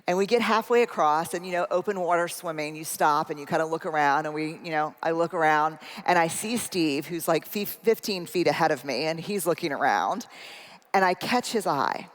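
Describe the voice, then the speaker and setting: A woman's voice: low voice, moderate pace. Chatty storytelling woman, echoing hall. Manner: self-deprecating, chatty, addresses the audience directly. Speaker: keynote speaker. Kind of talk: humorous personal storytelling talk. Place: large conference hall with a live audience. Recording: long hall reverb.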